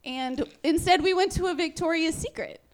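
A woman in her twenties performing a stand-up set, dry and self-mocking, halting with frequent ums. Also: very high-pitched. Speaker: stand-up comedian.

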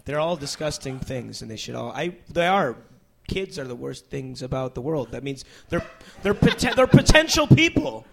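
A young man doing stand-up comedy, then chatting as a talk show guest, rambling and interrupting himself with animated bursts. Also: medium pitch, normal speed, gravelly, a crowd in the background. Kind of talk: stand-up set then casual chat.

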